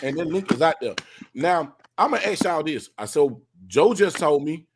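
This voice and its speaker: A man hosts a loose, slangy livestream, talking straight to his chat and guests. His voice sits fairly high for a man, and his delivery is casual and unpolished. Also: expressive, moderate pace, noisy background. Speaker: livestream host.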